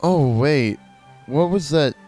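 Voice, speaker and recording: A man's voice, high-ish, expressive, and darkish, moves slowly over faint background music. He's a gameplay video host giving laid-back let's-play commentary, full of playful rambling, self-corrections, and creature-cry impressions.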